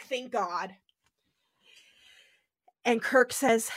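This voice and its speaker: A woman's voice: a little high, slow, long pauses, dry recording. A young woman co-hosting a podcast, recapping an episode in a chatty way, full of "like" fillers. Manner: animated, full of "like" fillers, jumps into voices. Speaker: podcast co-host.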